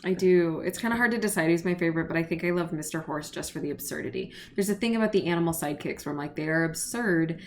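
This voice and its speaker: Co-host: a woman with a fairly low voice, keen and loose-mouthed, chatting casually. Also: a little hiss or hum. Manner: enthusiastic, profane, quick asides. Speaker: podcast co-host. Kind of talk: casual chat.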